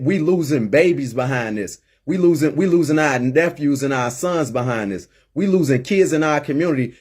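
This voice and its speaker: A man's voice: a little high, darkish tone, husky. A middle-aged man hosting a call-in show, talking emphatically and repeating words as he gets worked up. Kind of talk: impassioned monologue.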